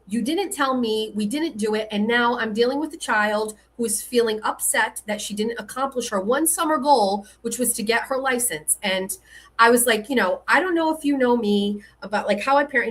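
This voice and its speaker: Woman, middle-aged, slightly high voice, casual storytelling, acts out dialogue, exasperated. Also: normal speed. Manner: animated, reenacts phone calls, rising frustration. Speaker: show host.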